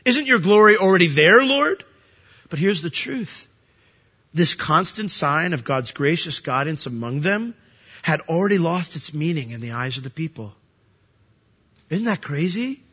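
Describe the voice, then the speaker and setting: A male pastor with a bright, slightly high voice, teaching through scripture in a relaxed, conversational way. He reads the verses and then explains them to the congregation. The sound is a little dull and rings in a large hall. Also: measured pace, slightly rough.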